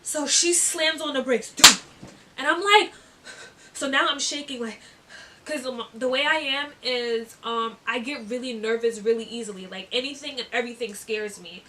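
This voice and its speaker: A woman's voice: a little high, moderate pace, sharp tone, recorded from a distance, slight background noise. A young woman telling a storytime, chatty and giggly, with lots of fillers. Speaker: vlogger. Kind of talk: casual storytime.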